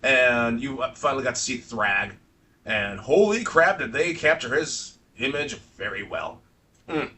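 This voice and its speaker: A man co-hosting a podcast in casual chat, excitable, dropping lots of "like" and swearing freely. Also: medium pitch, unhurried, recorded from a distance, a little hiss or hum. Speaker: podcast co-host.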